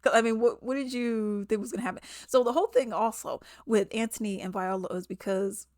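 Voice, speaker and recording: A woman giving a casual spoken movie review, animated and quick to mimic people in quotes, laughing often. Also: a little high, dry recording, clean studio sound.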